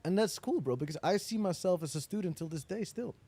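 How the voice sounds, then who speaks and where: A man, chatting casually in an interview, telling animated stories and swearing freely. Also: high-pitched, fast, husky. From Netherlands. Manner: animated storyteller, acts out quoted dialogue, swears casually. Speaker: interviewee, entrepreneur.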